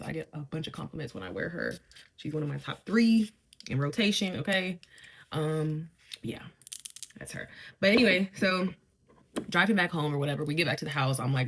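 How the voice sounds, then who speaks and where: A woman's voice: sits low, vocal fry, a little hiss or hum. A young woman, chatting casually while doing her makeup and telling a dating story, with laughing asides. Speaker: beauty vlogger.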